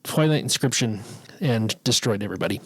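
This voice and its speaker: A man's voice: lowish voice, expressive, brisk, fairly bright tone, husky, no room sound, rough recording. A man co-hosting a board game podcast, chatting casually, laughing often and restarting his sentences. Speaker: podcast co-host. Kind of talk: casual chat about board games.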